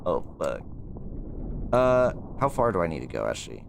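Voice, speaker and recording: A man's voice: low-pitched, sing-song, moderate pace, creaky, slight background noise. A young man streaming a game, talking nervously to himself and his chat and swearing as he plays. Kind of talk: gaming livestream commentary.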